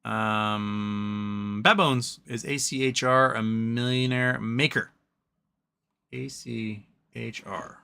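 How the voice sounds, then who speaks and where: Bright-voiced rambling stream host. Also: male voice, medium pitch, fairly even intonation, takes it slowly, creaky, clean tone. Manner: rambling, with frequent ums and self-corrections. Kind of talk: casual market chat reading viewer questions.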